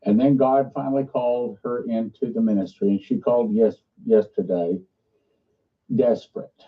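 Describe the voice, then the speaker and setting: A man leading a ministry makes an earnest, halting fundraising appeal mixed with preaching. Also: mid-range voice, fairly even intonation. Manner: earnest, halting, restarts often. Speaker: ministry leader. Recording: muffled, distant played-back clip.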